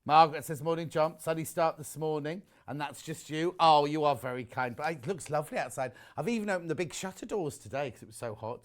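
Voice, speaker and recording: Brisk and barely pausing, a middle-aged man from the UK with a rather high voice sells fabric bundles on a live shopping channel. He rambles and cracks jokes as he goes. The warm studio's shutter doors are open.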